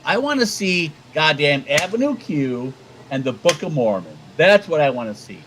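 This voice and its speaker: A man's voice: on the high side, sing-song, normal speed, a bit bright, slight background noise, rough recording. A man co-hosting a casual livestream chat, rambling and swearing and stumbling over repeated words. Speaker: co-host.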